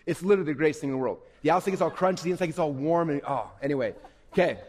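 This workshop presenter speaks very fast in a fairly high, slightly mellow voice, keeping his talk to a youth audience lively and interactive. The event hall echoes, and he regularly pauses to ask the room "okay?"

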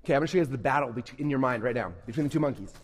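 Fast-talking man presenting in an echoey hall. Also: medium pitch, slight background noise. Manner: upbeat, keeps checking in with "okay?". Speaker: workshop presenter. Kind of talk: interactive talk to a youth audience. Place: event hall.

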